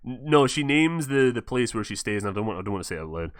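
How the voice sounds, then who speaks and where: A man's voice: medium pitch, quick pace, clean tone, dry recording. A man with a Scottish accent tells a story on a casual podcast, swearing freely and acting out the lines people said. His voice sits in a middling range and sounds dry and close, with no room around it. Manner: animated, swears a lot, acts out quoted lines. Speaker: podcast host.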